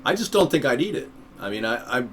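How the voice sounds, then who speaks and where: A man's voice: mid-range voice, very animated, fast talker, slight background noise. A man who is a third-party presidential candidate, hosting a live stream in rambling, easygoing chat.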